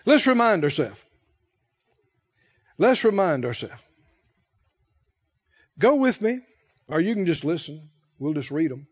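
A man's voice: on the high side, big pitch swings, a little slow, long pauses, husky. A man preaching a conversational sermon, asking his listeners questions and chuckling between his points. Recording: dull lo-fi sermon recording.

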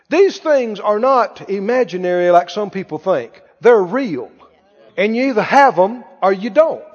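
A male pastor delivering a sermon in a high, very lively voice, telling stories in a folksy way. The recording is dull and carries a long reverb from a large hall. He swings his pitch widely. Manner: animated, folksy storytelling. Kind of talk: sermon with storytelling.

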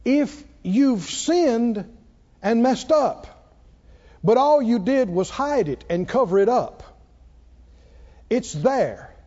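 A man preaching a sermon, swinging between loud, dramatic lines and hushed ones. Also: very high voice, expressive, slow, long pauses. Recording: muffled sound with long hall reverb.

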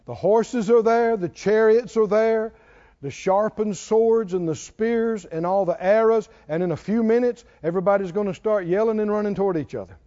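A man preaching a sermon, calling out questions to the congregation and swinging from near-shouts to hushed tones. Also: moderate pace. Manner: animated, rising to near-shouts then dropping low. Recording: dull lo-fi sound.

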